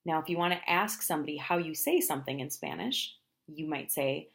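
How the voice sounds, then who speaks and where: Low-voiced woman teaching travel Spanish. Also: expressive, gravelly. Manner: explains phrases, then says them slowly and repeats them. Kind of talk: language lesson.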